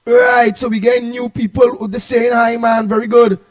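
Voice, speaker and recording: A man's voice: very high-pitched, level tone, normal speed. A man with a Trinidadian accent hosting an online talk show, greeting viewers by name in rambling, repetitive, teasing live-stream chat. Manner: rambling and repetitive, stumbling over words; playful, teasing banter.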